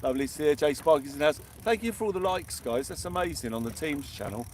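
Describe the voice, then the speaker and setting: A man's voice: on the high side, animated, fast talker, a little mellow. A man hosting a casual night fishing livestream outdoors, greeting viewers by name and singing bits of songs. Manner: sings snatches of songs between chat. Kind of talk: casual live fishing stream chat. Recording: noisy outdoor recording.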